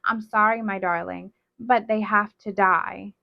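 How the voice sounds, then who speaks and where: A woman voicing a cruel, possessive witch mother who threatens and commands loudly, on a dull, dry recording. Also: medium pitch, steady tone, a little slow, creaky, dry recording. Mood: cold.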